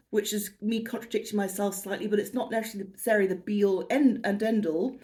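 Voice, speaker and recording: A woman's voice: mid-range voice, a little mellow. Chatty British woman in her fifties. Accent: British English. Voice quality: chatty and self-deprecating, laughing at her own tangents. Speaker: haul vlogger. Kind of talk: rambling casual chat to camera.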